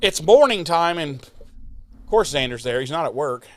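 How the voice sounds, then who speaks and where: A man hosts a podcast and recaps an episode at a leisurely pace, his voice sitting a little high. He rambles and swears casually, and he throws in quick mocking impressions of the characters as he goes. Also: expressive. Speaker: podcast co-host.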